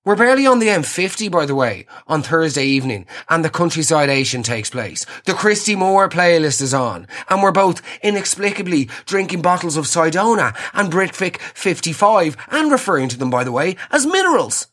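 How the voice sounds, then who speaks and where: A man's voice: a little high, very animated, normal speed, hardly any pauses, a bit bright. A man in his twenties with a Dublin accent, nasal and a bit sick, telling a sweary comic story. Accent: Dublin Irish. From Ireland. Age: 20s. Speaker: comedian podcaster. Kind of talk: comic monologue.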